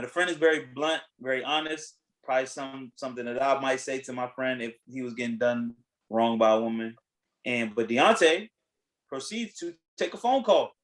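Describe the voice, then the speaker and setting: Animated man retelling a story. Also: mid-range voice, poor audio. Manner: animated storytelling, acting out quotes; blunt, swears freely. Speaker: podcast host. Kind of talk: casual chat recapping a reality show.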